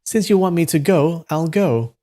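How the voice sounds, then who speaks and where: A man's voice: fairly high pitch, moderate pace, voice pushed up, close to an everyday voice. A man voicing a teasing young beggar boy in a live reading of a storybook. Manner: teasing, lively.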